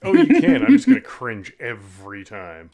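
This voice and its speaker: A man's voice: mid-range voice, wildly swooping pitch, normal speed, gravelly, highs cut off, slight background noise. A man co-hosting a podcast who chimes in with dry, wry remarks during a casual chat. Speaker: podcast co-host.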